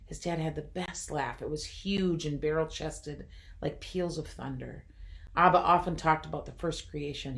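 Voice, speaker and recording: Low-voiced woman reading a devotional story. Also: a bit bright. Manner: reflective, with wry joking asides. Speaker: reader of a devotional reflection. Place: home.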